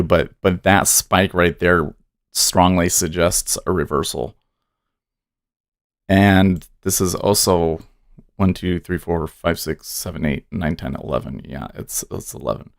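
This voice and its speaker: This day-trading livestream host has a low, gravelly voice captured cleanly in studio quality with no echo. His talk is loose and rambling, he jokes at his own expense, and he voices viewers' comments as he reads them.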